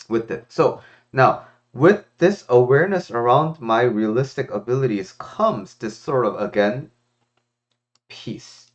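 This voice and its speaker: A man's voice: medium pitch, muffled recording. A man who is a life coach, talking thoughtfully to a viewer in a casual, reflective way. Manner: thoughtful, lots of fillers and restarts, expressive. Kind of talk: casual reflective talk to camera.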